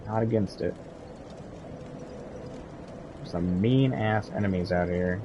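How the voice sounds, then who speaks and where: A man's voice: deep voice, moderate pace, background noise. A young man streaming a video game, chatting casually with his viewers and cheering on his in-game companion. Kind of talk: casual gameplay commentary.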